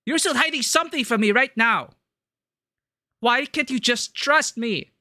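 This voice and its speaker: A hurt young adult daughter pleads and defends herself against her mother, as a streamer reads her lines. The voice is bright and clear, recorded close and dry. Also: mid-range voice, unhurried, no echo, pitched above the performer's own voice. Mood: pleading.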